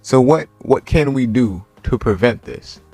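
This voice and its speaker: A man's voice: mid-range voice, animated, unhurried, creaky, mellow, breathy edge, faint music behind, pitched above the performer's own voice, exaggerated voice. A man doing an alarmed old ninja sage. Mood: urgent.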